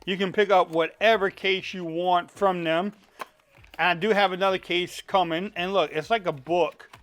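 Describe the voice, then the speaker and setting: A man's voice: high-pitched, fairly even intonation, moderate pace, a bit bright. A man with a Cajun accent, chatting casually as he reviews a phone case in a folksy way. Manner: chatty, folksy, says y'all. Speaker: tech reviewer.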